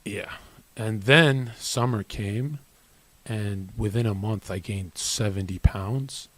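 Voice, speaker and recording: A man's voice: on the low side, slow pace, a bit bright, no echo. A young man streamer giving a brash, profane and boastful monologue to his viewers, often mimicking other people.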